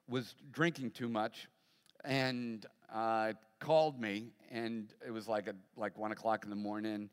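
A middle-aged man, a pastor, preaching a sermon and telling a personal story, animated and acting out voices. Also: a little high. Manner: animated storyteller, acts out voices, laughs often. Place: large church hall. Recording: long hall reverb.

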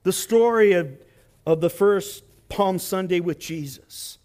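A man preaching a sermon as pastor, dramatic, swinging from near-shouts to hushed asides. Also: high voice, takes it slowly.

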